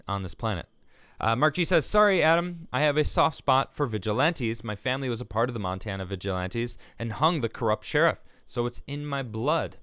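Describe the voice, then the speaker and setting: A man's voice: mid-range voice, a bit bright, clear, resonant tone, no room sound. A man hosting a live stream, chatting casually and reading viewer messages aloud, laughing easily and restarting his sentences. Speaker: livestream show host.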